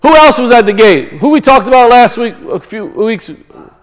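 A man's voice: very high voice, lively intonation, normal speed, rough recording. A man preaching a sermon, teaching through rhetorical questions and emphatic repetition.

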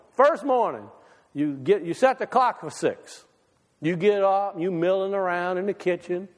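A man preaching a folksy, conversational sermon with a slightly high voice. His delivery swings between raised, emphatic lines and hushed ones. The sound carries a long reverb from a church hall. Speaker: pastor. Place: church sanctuary.

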